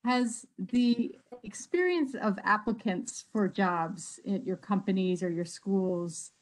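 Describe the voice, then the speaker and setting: Brief: woman panel moderator, mid-pitched, halting and thoughtful. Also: rough recording. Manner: hesitant, many ums and restarts. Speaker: director of the international office, panel moderator. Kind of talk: online panel discussion.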